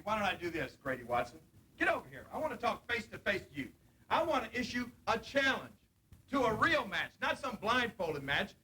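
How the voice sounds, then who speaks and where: A man's voice: sits high, bright, forceful tone, slightly rough, poor audio. A man cutting a brash, mocking live wrestling promo on TV.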